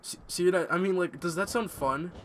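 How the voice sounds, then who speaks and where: A man's voice: sits high, normal speed, a bit bright, slight background noise. A young man giving casual, ranting gameplay commentary at home, swearing freely. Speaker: gamer commentator. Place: home room.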